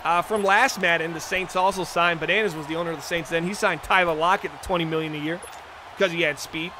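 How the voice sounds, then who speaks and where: A man hosting a live stream, calling video game plays with excitable commentary that breaks into hollers on big moments. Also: on the high side, quick pace, background noise. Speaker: stream host and play-by-play commentator.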